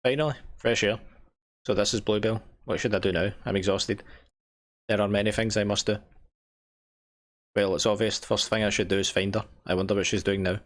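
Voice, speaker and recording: A man's voice: fairly low pitch, fairly even intonation, brisk, long pauses, lightly acted. A man reading as a weary freed prisoner. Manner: earnest, tired reading. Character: exhausted freed prisoner, tormented and hopeful.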